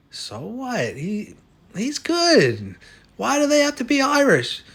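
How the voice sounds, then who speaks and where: A man's voice: high-pitched, huge pitch swings, moderate pace, a bit bright, slightly rough. A man speaking in a dry, skeptical tone, questioning the other voice in a comic sketch. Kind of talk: comic sketch over a fantasy lineup.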